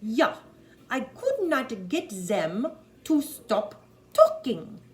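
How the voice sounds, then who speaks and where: A woman putting on a mock German accent to voice a dismissive male psychiatrist, speaking slowly, loudly and in clipped bursts. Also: on the high side, big pitch swings, voice pushed up, heavily acted. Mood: exasperated. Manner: slow, loud, clipped and offhand.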